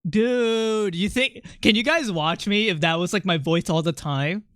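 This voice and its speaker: A streamer speaks through a voice changer during a gaming livestream, rambling excitedly, laughing a lot and responding to chat. The mid-range voice keeps a measured pace and a clean tone, recorded in clean studio sound without echo.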